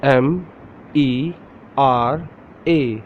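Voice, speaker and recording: Very slow-talking male language teacher. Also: mid-range voice. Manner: spells words letter by letter and repeats them. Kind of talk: slow step-by-step pronunciation lesson. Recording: dull lo-fi recording with faint noise.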